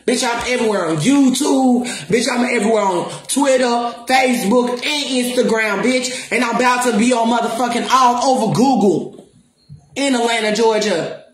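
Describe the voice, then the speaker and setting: Her fairly high voice moves at a moderate pace as she, a spiritual counselor and music promoter, rants profanely and defiantly to camera, repeating and stressing her words. The space echoes, with slight background noise.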